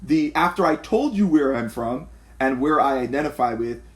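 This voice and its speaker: A man's voice: medium pitch, moderate pace. Canadian guy, pastor, chatting and telling stories, does the voices of the people he quotes. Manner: animated storyteller, acts out quotes. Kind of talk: conversation on a church video.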